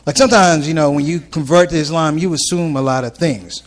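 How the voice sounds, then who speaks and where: Performing for a live ballroom crowd, this comedian spins stand-up stories in a loose, chatty way, hopping between different voices with animation. He speaks a little fast, and his voice sits on the high side.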